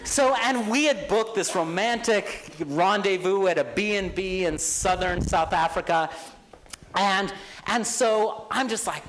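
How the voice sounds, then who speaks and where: A man's voice: sits high, a little slow, slight background noise, rough recording. Young man telling a lecture anecdote. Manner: animated anecdote with quoted voices. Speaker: guest lecturer. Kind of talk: storytelling in a university lecture. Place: lecture hall.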